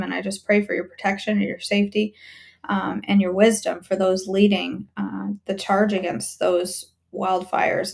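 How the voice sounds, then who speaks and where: A woman hosting a live devotional stream, praying aloud for friends with halting pauses, then chatting to viewers. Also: mid-range voice, creaky. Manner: halting prayer with many ums and restarts, warm repeated thanks. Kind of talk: spoken prayer, then casual sign-off. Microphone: phone or webcam on a live stream.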